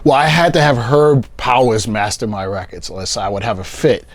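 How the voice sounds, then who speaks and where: A man, a producer guest telling animated stories and acting out his friends' lines in a casual interview. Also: mid-range voice, normal speed.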